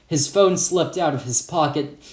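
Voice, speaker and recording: A man's voice: on the high side, normal speed, darkish tone, echoey room. A man narrating an audiobook chapter in a casual, profane storytelling manner. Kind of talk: audiobook reading.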